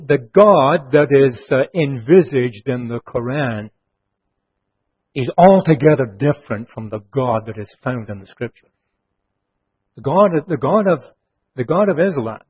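A man preaching an expository sermon, earnest, slowing down and dropping his voice low on key phrases. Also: breathy edge. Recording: muffled lo-fi sermon recording.

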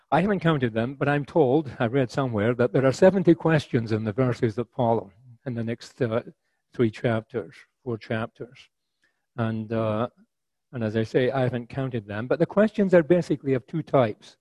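A man preaching a sermon in a measured, conversational way, with many fillers and restarts. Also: medium pitch, a little mellow, dry recording, low-quality recording.

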